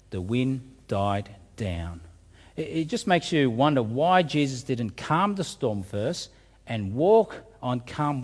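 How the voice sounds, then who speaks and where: Male preacher, expressive, husky tone, lively pitch, long hall reverb. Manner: expressive, rhetorical questions, repeats words. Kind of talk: sermon.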